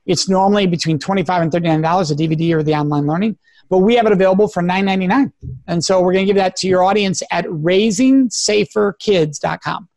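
A man's voice: high voice, quick pace, a little mellow. A man, a guest expert in an interview, talking in an earnest, emphatic way as he gives advice. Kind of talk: interview conversation.

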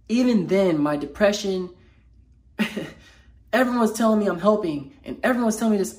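A man who speaks as a mental health motivational speaker, talking unscripted in a personal vlog while feeling low. His speech is halting, raw and emotional, full of slangy fillers and restarts. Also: lively intonation, darkish tone.

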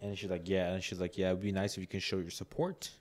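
Low-voiced guy rambling through a story on a podcast, says like a ton, does everyone's lines. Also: flat delivery, fast, a little mellow. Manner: rambling, many "like"s, laughs a lot, acts out quotes. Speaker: podcast co-host. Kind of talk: casual storytelling chat.

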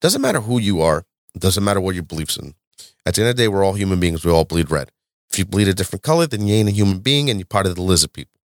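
A man hosting a casual podcast, laid-back and jokey, with a smooth radio-style delivery through a studio mic. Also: low voice, very animated, very fast, dry recording. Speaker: podcast host. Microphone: studio mic with voice filters.

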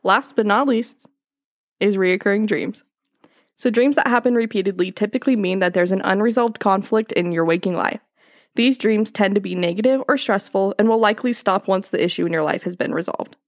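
A woman's voice: medium pitch, fairly quick, no room sound. A young woman co-hosts a casual podcast, reading from her notes in a mid-range voice. She keeps slipping into fits of giggles. The sound is dry and close. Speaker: podcast co-host.

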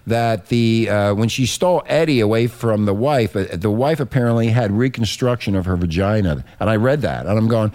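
A man's voice: on the low side, moderate pace, few pauses, darkish tone. A man hosting a radio talk show, rambling and profane in loose banter.

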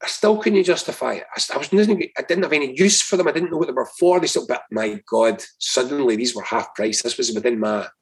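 Husky Scottish man telling a story. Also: mid-range voice, a little fast, hardly any pauses. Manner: animated, emphatic storyteller who swears freely. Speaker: guest, political strategist. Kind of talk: casual podcast conversation, storytelling.

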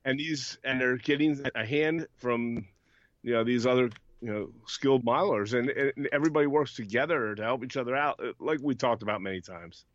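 A man's voice: medium pitch, a little fast, no room sound, dull audio. Rambling man co-hosting a podcast. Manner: rambling storyteller, laughs often. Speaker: podcast co-host. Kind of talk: casual podcast banter.

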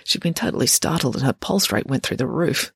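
An audiobook narrator, reading a story in an expressive, wry way. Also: medium pitch, brisk, vocal fry, breathy edge, no room sound, studio quality.

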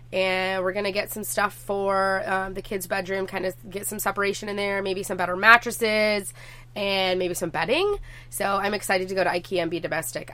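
A woman's voice: medium pitch, pushed and bright, no room sound. A young woman vlogging casually to her viewers, chatty and swearing freely as she tells stories.

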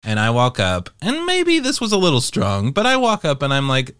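A young man tells a rambling, profane story straight to his viewers, his pitch leaping up and down as he acts it out. His voice is smooth and resonant. The recording is dry and close-miked. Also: normal speed, dry recording. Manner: animated, profane, expressive storyteller. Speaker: vlogger. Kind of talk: casual storytime monologue.

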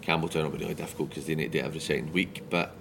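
A Scottish man hosting a casual chat, asking measured questions. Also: extremely low pitch, little pitch movement, creaky, background noise.

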